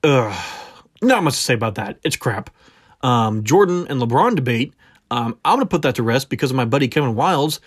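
A man's voice: medium pitch, expressive, fairly quick, slightly rough, dry recording, clean studio sound. A man hosting a solo sports podcast, talking casually, bluntly and with opinions, drifting off on tangents and catching himself. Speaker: podcast host.

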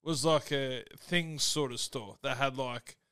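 A man's voice: mid-range voice, a little slow, fairly bright tone, clear, resonant tone, no echo. Sardonic, sweary man. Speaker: podcast co-host. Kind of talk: casual comedy chat.

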